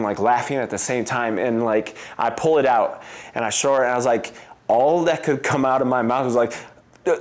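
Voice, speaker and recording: A man in his thirties, an interview guest, telling personal stories in a rambling, casual way full of "like" and "um". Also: mid-range voice. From United States. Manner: rambling, heavy use of "like" and "um", laughs often, mimics voices in quotes. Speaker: interview guest, Olympic swimmer.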